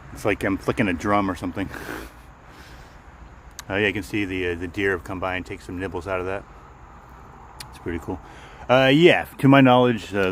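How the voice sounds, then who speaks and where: A man's voice: sits low, a bit bright, a little hiss or hum, poor audio. A man casually chatting with live viewers while walking outdoors in the woods, rambling and repeating himself. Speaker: vlogger hosting a live walk.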